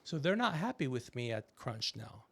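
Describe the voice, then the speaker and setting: A middle-aged man hosting a podcast, telling stories in a casual comedic chat and acting out quotes with animated voices. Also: mid-range voice, moderate pace, slightly rough. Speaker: podcast host.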